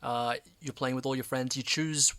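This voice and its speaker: A man's voice: mid-range voice, steady tone, normal speed, fairly bright tone, no echo. A man co-hosting a radio podcast in a studio, describing a game plainly with a few ums. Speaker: podcast co-host. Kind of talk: casual game review chat.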